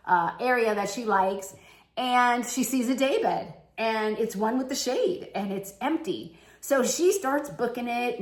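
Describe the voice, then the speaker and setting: A woman vlogger telling travel stories in a chatty, animated way, her voice jumping high when she quotes people. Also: echoey room. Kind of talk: casual storytelling.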